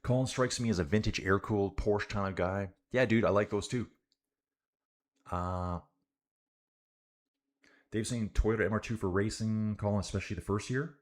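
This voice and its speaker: A man from Canada doing casual live race commentary and reading out viewer chat, relaxed and saying "dude" often. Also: fairly low pitch, moderate pace, pauses often. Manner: laid-back, says "dude" a lot, chats with viewers. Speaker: cycling livestream commentator.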